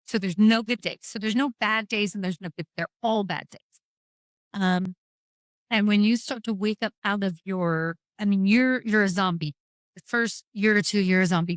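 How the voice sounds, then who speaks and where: A woman's voice: medium pitch, no room sound. A middle-aged woman talking frankly and wryly about grief as a guest, telling her story with lots of quoted back-and-forth. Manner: frank, wry, rambling storytelling with quoted dialogue. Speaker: podcast guest. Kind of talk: candid conversation about grief.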